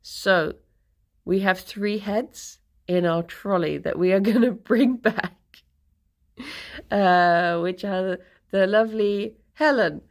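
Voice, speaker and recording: A woman streamer casually telling a rambling story to her live chat, laughing often and correcting herself as she goes. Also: on the low side.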